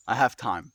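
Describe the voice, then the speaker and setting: A young man streaming to his viewers speaks in a bright, forceful tone with no room sound. His casual chat is earnest, heartfelt and rambling, full of sighs and "dude".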